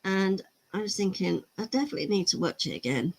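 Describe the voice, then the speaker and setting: Fast and animated, this woman's mid-range voice is gravelly, husky, and a little mellow. She hosts a miniature-painting livestream, chatting casually, laughing readily, and taking chat comments.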